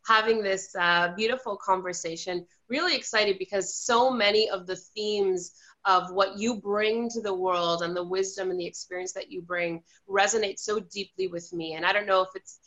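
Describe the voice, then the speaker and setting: A woman's voice: mid-range voice, fairly even intonation, moderate pace, bright, forceful tone, lo-fi sound. A woman hosting a spiritual online interview, gushing and effusive as she welcomes her guest. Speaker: host.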